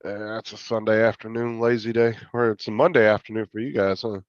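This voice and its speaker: A man hosting a live stream, chatting in a relaxed way and swearing casually. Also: lowish voice, brisk, dry recording. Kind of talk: casual chat. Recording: dry, dull mic.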